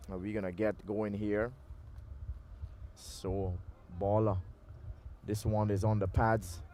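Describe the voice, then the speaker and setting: Mellow-voiced man calling a local cricket match. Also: lowish voice, a little hiss or hum. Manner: relaxed, loose delivery with frequent pauses and filler. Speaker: cricket commentator. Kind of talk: live amateur cricket commentary. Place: outdoors at a local cricket ground. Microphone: handheld mic through a loudspeaker.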